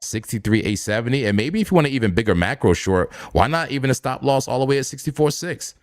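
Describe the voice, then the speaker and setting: A man's voice: medium pitch, lively intonation, fast. A man casually commenting on live trading charts, laid-back, chuckling often and repeating his phrases. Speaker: crypto trading streamer.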